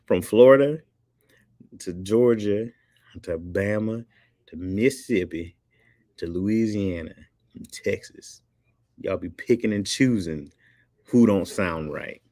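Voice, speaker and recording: A man with a Michigan accent chatting casually with viewers, loose and joking, a little tired, often mimicking other accents with sudden high squeaks. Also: slow pace, pauses often, dark tone, no room sound, clean studio sound. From Midwest. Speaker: livestream host.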